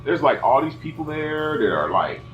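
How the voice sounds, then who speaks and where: Middle-aged man, lively storyteller who acts out voices, roomy sound. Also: on the high side, moderate pace. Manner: animated, acts out voices, many "you know" fillers. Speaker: son telling family stories. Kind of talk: casual family storytelling. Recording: roomy, slightly dull, faint music behind.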